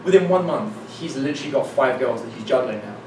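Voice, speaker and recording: A man giving a live seminar talk as a dating coach, telling anecdotes in an animated way, acting out dialogue and swearing casually. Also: mid-range voice, quick pace, background noise. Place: meeting room with an audience. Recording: echoey room from a distance, faint ambience.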